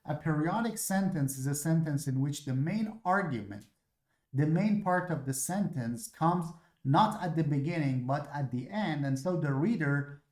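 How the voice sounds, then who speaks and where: A man's voice: on the high side, expressive, normal speed, a little mellow. Persian-accented man lecturing, echoey room. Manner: explanatory, repeats words and uses "you know" often. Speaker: literature lecturer. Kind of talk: recorded lecture.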